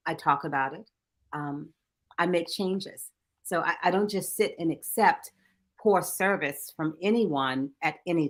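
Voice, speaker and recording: A woman author talking in a casual interview, animated and quick to laugh. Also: sits low. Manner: animated, laughs often, shouts out friends. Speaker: author, guest.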